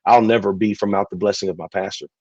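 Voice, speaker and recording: A man, a pastor telling his story in an interview, relaxed and chatty. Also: lowish voice, fast talker, husky, no room sound. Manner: relaxed, chatty, many fillers. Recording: dull, dry recording.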